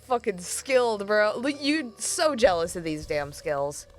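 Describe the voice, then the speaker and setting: A woman's voice: mid-range voice, very animated, measured pace, faint music behind. A woman streaming a game, talking casually with sarcastic, self-mocking commentary and frequent swearing.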